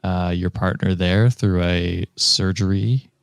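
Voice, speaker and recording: A man's voice: deep voice, steady tone, takes it slowly, gravelly, no room sound, clean studio sound. A man co-hosting a casual podcast, who talks bluntly, swears freely and reacts with outrage. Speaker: podcast co-host.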